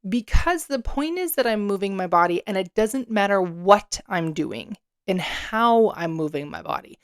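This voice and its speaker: A woman in her thirties hosting a casual solo podcast, chatty and animated, swearing casually as she talks. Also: mid-range voice, moderate pace, clear, resonant tone, no echo, studio quality. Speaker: podcast host.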